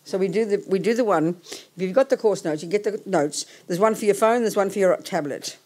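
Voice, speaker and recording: A woman's voice: mid-range voice, a little fast, dark tone. Blunt older woman teaching. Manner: blunt, outspoken, bossy. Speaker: Buddhist nun teacher. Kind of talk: casual teaching talk.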